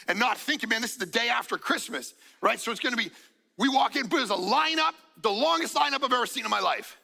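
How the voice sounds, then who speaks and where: A man preaches as a pastor in a church auditorium, telling a story, acting out what people said, and cracking jokes. His voice is extremely high-pitched, fast, and marked by vocal fry, with soft background music and hall reverb from the church stage.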